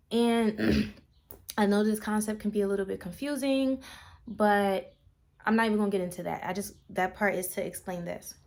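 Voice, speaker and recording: A woman speaks to her channel in an unscripted, reflective ramble, circling her thoughts with fillers and restarts. Her voice has a low, gravelly creak at the ends of phrases, recorded plainly on a camera mic. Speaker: vlogger. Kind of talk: casual spiritual vlog talk.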